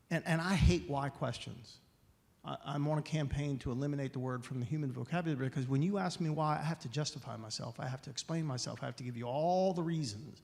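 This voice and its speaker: A male guest speaker telling a story in a sermon at a spiritual center, animated and often restarting phrases, in an echoey hall. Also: fairly high pitch, normal speed, vocal fry. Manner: animated, voicing characters, frequent restarts.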